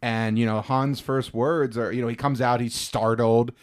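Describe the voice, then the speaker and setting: Male podcast host, mid-pitched, eager scene-by-scene recapper, chatty. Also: fairly even intonation, normal speed. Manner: enthusiastic, walks through scenes, frequent "like". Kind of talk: casual film recap.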